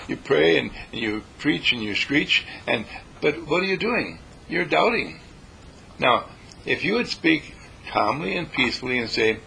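A man with a bright, gravelly voice teaches meditation in a folksy, repeating style. He sometimes acts out a panicked worrier before calming down again. A faint hiss and low rumble sit under the recording. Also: normal speed, low-quality recording. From California. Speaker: dean and spiritual teacher. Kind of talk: spoken meditation lesson.

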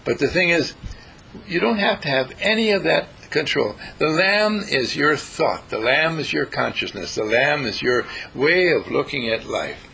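A man with a husky voice giving a spiritual talk, playful and questioning, asking his listeners things. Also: animated, unhurried, pushed and bright, a little hiss or hum, low-quality recording. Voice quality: husky and gravelly. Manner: playful, questioning, with big swoops in pitch.

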